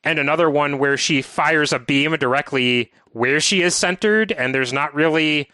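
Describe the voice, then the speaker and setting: Podcast host, male, bright and smooth voice, dry close sound, methodical recapper. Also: a little high, moderate pace, no room sound. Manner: detailed, methodical game walkthrough talk. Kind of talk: casual podcast chat.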